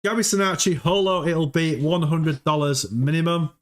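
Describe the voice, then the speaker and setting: A man's voice: on the high side, normal speed. A man hosting a casual livestream, chatty, often repeating words and laughing as he talks. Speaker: livestream host.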